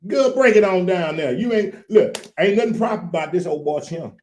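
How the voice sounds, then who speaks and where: A man, co-hosting a casual chat in a folksy, animated way. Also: sits high, moderate pace. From Louisiana. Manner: animated, repeats "look here", folksy. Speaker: co-host.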